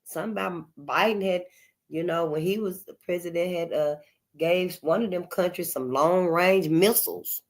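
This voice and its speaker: A woman's voice: fairly low pitch, normal speed. An older woman hosting her channel in a casual, unscripted monologue, emphatic and repetitive, calling her listeners honey. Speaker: channel host.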